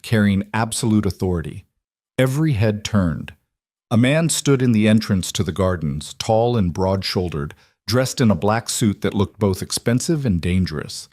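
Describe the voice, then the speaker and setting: A man with a low voice reads a romance story aloud, even and steady in his delivery. The sound is close and dry, with no room echo. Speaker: narrator. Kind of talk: scripted story narration.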